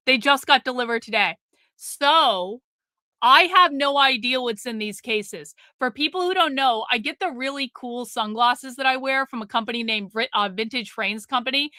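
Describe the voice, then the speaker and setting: A middle-aged woman hosts a casual livestream with a high, bright voice. She is blunt and profane as she scolds viewers in the chat. The recording is dry and close. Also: no room sound. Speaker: livestream host.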